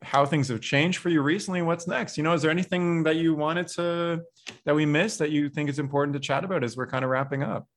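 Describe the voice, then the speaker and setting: A man hosting a podcast interview, chatty and excitable, reacting quickly to his guest. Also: fairly high pitch. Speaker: podcast host.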